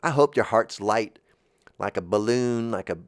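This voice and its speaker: A man hosting a show, talking in a gentle, meandering monologue and often searching for his words. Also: on the low side, normal speed, no room sound, studio quality. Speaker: host.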